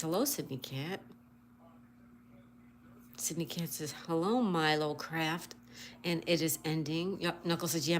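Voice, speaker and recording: A woman with a slightly low voice hosts a relaxed livestream, greeting viewers by name and reading their messages aloud. She works through crossword clues and spells the answers letter by letter. Faint background noise sits under her voice. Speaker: livestream host. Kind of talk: casual livestream chat.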